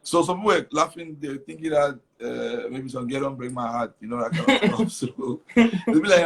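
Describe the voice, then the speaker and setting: A man's voice: a little high, animated, brisk, creaky, few pauses, slightly rough. A young man from Cameroon, telling his story animatedly in an interview, repeating words and slipping into Pidgin. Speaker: comedian guest.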